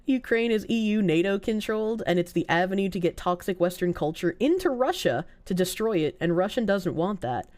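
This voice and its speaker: A woman's voice: medium pitch, expressive, normal speed, darkish tone. A woman from the United States who streams, chatting casually and sarcastically with her viewers and laughing often. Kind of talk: casual chat reacting to viewer comments.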